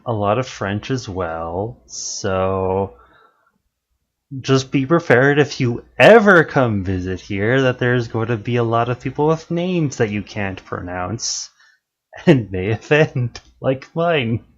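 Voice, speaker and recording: A Canadian man chatting as a guest in a casual online conversation, explaining things in a relaxed way with many restarts. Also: mid-range voice, takes it slowly. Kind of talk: casual chat. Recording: dull lo-fi audio.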